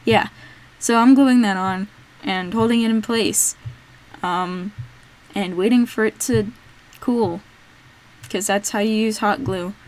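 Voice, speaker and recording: A woman's voice: mid-range voice, takes it slowly, pauses often. Teen girl rambling through a cosplay build vlog, casual, lots of ums, self-deprecating. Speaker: cosplay vlogger. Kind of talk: casual vlog narration over build footage.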